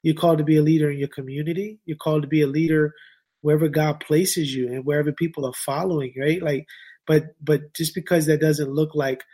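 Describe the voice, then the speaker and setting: A man's voice: a little high, steady tone, brisk, dark tone. A man talking as a podcast guest in casual slang, repeating points for emphasis. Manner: informal slang, emphatic repetition. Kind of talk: casual chat.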